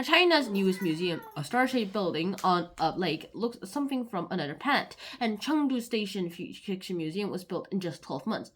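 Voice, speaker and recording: Woman casually reading the news. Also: medium pitch. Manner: reads aloud with brief chatty asides. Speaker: reader of a kids' news magazine.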